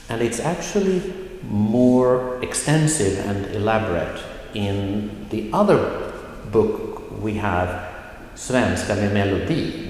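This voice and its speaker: Slow-talking male teacher in an echoey hall. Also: fairly low pitch, darkish tone, a little hiss or hum. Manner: slow, careful explaining with drawn-out model words. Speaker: language teacher. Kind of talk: recorded language lesson.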